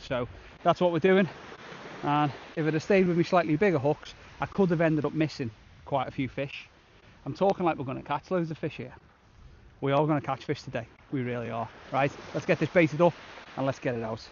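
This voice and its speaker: A man's voice: a little high, brisk, darkish tone, dull audio, a little hiss or hum. A man vlogging a shore fishing trip outdoors on a beach, chatting casually and upbeat to the camera. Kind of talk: casual outdoor vlog narration.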